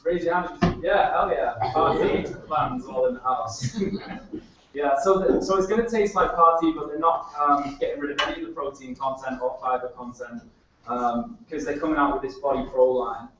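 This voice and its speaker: A man's voice: mid-range voice, moderate pace, background noise. Eager man chiming in from far off. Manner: enthusiastic, slangy. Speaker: team member speaking up from the audience. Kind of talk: casual remarks at a live meeting. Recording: echoey room from far off, dull sound.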